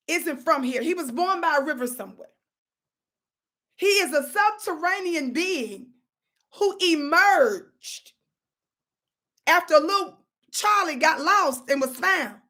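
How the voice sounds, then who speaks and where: A woman hosts a casual live stream with a high, bright voice. She talks to her viewers in an animated, preachy call-and-response style. Her storytelling sounds lively and direct. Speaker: livestream host.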